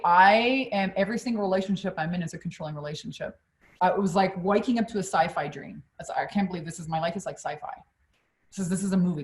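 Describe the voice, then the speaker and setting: A middle-aged woman coach on a live stream, telling a personal story in an animated, blunt way and swearing freely. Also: fairly low pitch. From Quebec, Canada.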